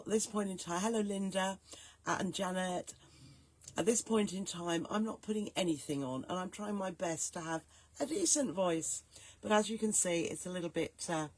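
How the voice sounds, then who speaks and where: Hoarse woman with a cold. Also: lowish voice. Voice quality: soft, growly, gruff. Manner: chatty, stops often to greet viewers by name. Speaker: host. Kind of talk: live-stream chat greeting viewers.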